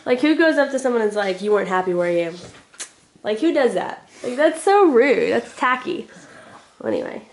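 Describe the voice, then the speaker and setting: A woman's voice: sits high, big pitch swings, moderate pace. Chatty young woman from Oklahoma, with a cold. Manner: chatty, filler-heavy storytelling. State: has a cold with a hacking cough. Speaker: family vlogger. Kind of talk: casual chat to camera. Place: family home, indoors.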